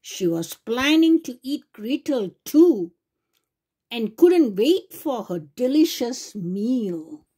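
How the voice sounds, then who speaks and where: A woman reading a fairy tale aloud to children in a slow, sing-song way, sometimes correcting herself. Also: a little high, sing-song, dark tone, breathy edge. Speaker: children's channel storyteller.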